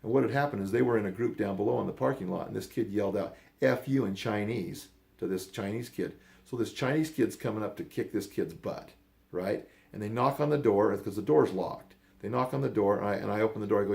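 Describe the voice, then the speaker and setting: Gravelly older man telling a story. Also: fairly low pitch, brisk, a little mellow. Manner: rambling, blunt, acts out quoted voices. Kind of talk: casual storytelling.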